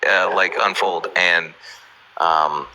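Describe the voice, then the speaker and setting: A man's voice: low-pitched, fairly even intonation, takes it slowly, sharp tone, rough recording. A man hosting a casual chat, joking loosely and swearing now and then. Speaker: host.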